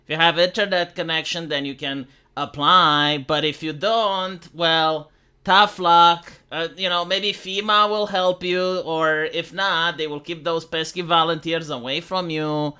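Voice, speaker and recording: A man doing a sarcastic impression of a pandering woman politician, slow and halting with put-on accents. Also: sits high, expressive, vocal fry, bright, forceful tone, heavily acted. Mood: smug.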